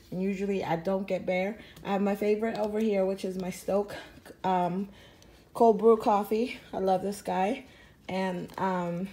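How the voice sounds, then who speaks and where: Crinkling bags and clicks can be heard as this vlogger unpacks her groceries at home and chats casually to the camera, rambling with lots of ums. Her voice sits at a medium pitch, and there's a slight hiss or hum on the recording.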